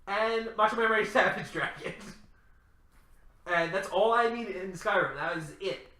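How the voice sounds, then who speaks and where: Man, casual gaming podcast chat, excitable, laughs a lot, bright tone, echoey room. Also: sits high, moderate pace. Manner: excitable, laughs often, jokey. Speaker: podcast co-host.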